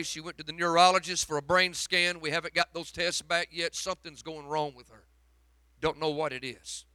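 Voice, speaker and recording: A man preaching a sermon, dropping to a hush and then rising to shouts. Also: fairly high pitch, smooth, dry recording. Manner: swings from hushed to shouting, dramatic preaching. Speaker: pastor.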